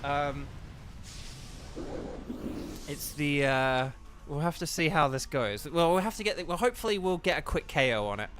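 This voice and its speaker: A man, a voice actor, giving casual live commentary while streaming a game, chatty with lots of ums and sudden excited bursts. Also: a little high, moderate pace, pauses often, clean tone.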